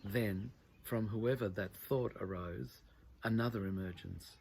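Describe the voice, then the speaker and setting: A man with a low, gravelly voice reads literary prose in a measured, reflective manner. A faint hiss sits under the reading. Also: darkish tone. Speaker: author reading his own text.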